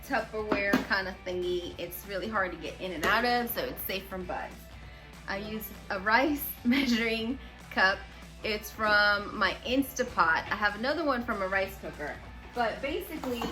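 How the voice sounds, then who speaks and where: A woman's voice: mid-range voice, bright, forceful tone. A middle-aged woman, a mother, chatting her way through a home cooking demonstration and plainly explaining each step. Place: home kitchen. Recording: echoey room with background music.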